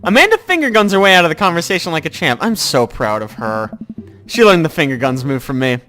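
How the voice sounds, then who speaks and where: A man narrating a dating game aloud in an animated, jokey way. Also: fairly high pitch, fast talker, slight background noise. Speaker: let's play narrator.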